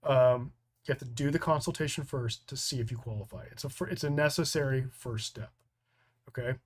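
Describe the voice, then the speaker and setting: A man's voice: mid-range voice, a little fast, husky. A man from the United States with an American accent, hosting a live training stream, reading out viewer comments and answering them in a loose, rambling way. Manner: rambling, full of restarts and fillers.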